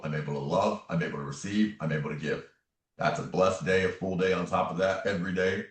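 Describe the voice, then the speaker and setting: Interview guest: very low-voiced man, earnest storyteller, recorded in an echoey room away from the mic. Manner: earnest, repetitive, emphatic phrasing. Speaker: guest, tarot reader and spiritual medium. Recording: roomy echo, distant from the mic.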